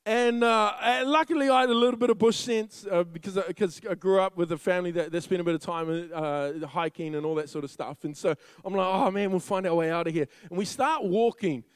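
High-voiced, lively male preacher. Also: brisk, hardly any pauses, smooth, no echo. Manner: animated storyteller, laughs often. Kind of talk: sermon told as a funny story.

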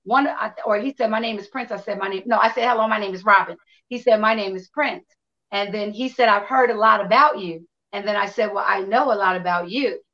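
A woman guest casually telling an animated, profane anecdote, acting out the dialogue as she goes. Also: mid-range voice, fairly quick, highs cut off. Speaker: interview guest. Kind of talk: casual storytelling.

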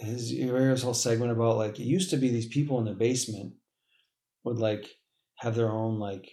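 A man talks casually on a podcast, in a voice of ordinary middle pitch. He rambles, restarts his sentences and leans hard on "like" and "literally". Now and then he swears. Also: fairly even intonation, brisk, mellow. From Boston area.

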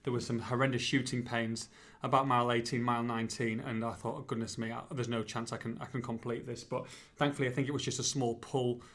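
A man's voice: medium pitch, flat delivery, fast talker, fairly bright tone. A young man hosting a podcast, bantering casually and laughing often. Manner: chatty, laughing, teasing banter. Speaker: podcast host. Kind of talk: casual chat.

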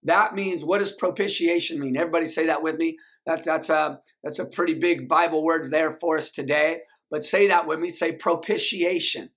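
Preacher guy, bright voice, gets the crowd to say stuff back. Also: a little high, steady tone, fairly quick, few pauses. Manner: preaching with call-and-response to the congregation. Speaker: pastor. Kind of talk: sermon.

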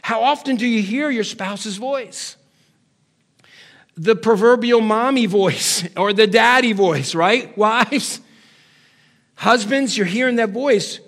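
A pastor with a notably high voice delivers a sermon to his congregation. He peppers them with rapid rhetorical questions, swinging from loud calls to hushed, low asides. Now and then he slips into nagging family voices to get a laugh. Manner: puts on nagging family voices for comic effect.

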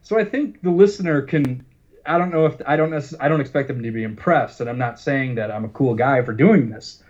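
A man co-hosting a podcast, talking in a rambling, halting way with many fillers. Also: medium pitch, a little mellow, muffled recording. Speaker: podcast co-host. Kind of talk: casual podcast banter.

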